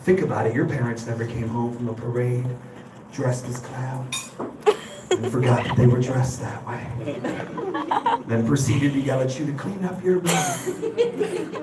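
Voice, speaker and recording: Stand-up comedian, lively storyteller, heard from a distant mic on an echoey club stage. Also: male voice, mid-range voice, measured pace, long pauses, background noise. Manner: animated storytelling, acts out quotes.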